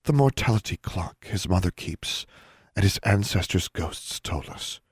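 A man voicing a calm, stern older witch inquisitor in an audiobook, speaking in an even, measured tone. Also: deep voice, breathy edge, no echo, clean studio sound. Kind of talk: audiobook narration.

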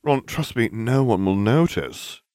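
Guy doing a cocky smug teen wizard, lively pitch, super dry sound. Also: measured pace, dry recording, lightly acted. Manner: smug, teasing.

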